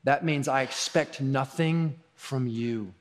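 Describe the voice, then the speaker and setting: A man preaching a sermon as pastor, talking in a loose conversational way that swings between soft asides and raised emphasis. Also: medium pitch, slow. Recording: long hall reverb.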